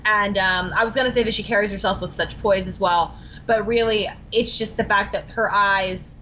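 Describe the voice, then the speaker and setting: Bright, bubbly woman telling stories. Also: mid-range voice, normal speed, dull audio, a little hiss or hum. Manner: bubbly, animated storytelling with quoted dialogue and laughs. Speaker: podcast guest, actress. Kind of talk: casual interview chat.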